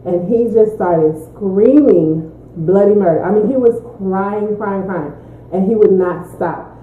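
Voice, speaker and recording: A mother chats casually through a mukbang Q&A, telling stories with energy and frequent laughter. Her voice sits at a middling pitch. The recording sounds thin and phone-like, and it echoes around the room. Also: unhurried, a little hiss or hum. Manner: lively storyteller, laughs often. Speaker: mother answering Q&A.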